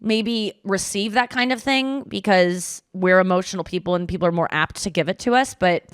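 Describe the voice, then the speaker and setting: A woman's voice: mid-range voice, moderate pace, smooth, no room sound. Chatty woman host, dry close sound. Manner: animated storytelling with mimicked voices; frequent filler words. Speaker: podcast host. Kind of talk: casual chat.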